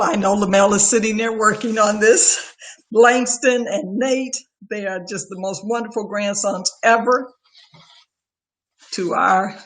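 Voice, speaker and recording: An older woman, close to tears, giving a heartfelt farewell speech of thanks as an outgoing organization leader over a video call. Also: on the low side. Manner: heartfelt, emotional, lists names warmly.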